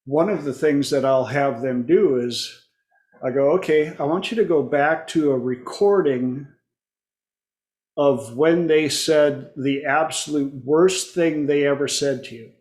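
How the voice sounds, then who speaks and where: A man with a slightly raised voice talks through his coaching ideas slowly and deliberately. He wanders off on tangents and leans on fillers. The room around him is echoey. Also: on the high side, darkish tone. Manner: rambling, digressive, with many fillers. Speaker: life coach host. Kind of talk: casual coaching talk.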